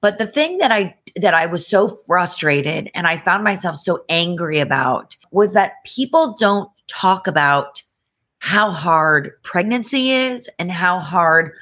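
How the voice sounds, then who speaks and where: A woman's voice: on the low side, animated, a little slow, a bit bright. A woman speaking frankly as a podcast guest, emphatic and conversational, often saying "you know" and "like". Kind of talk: candid conversational storytelling.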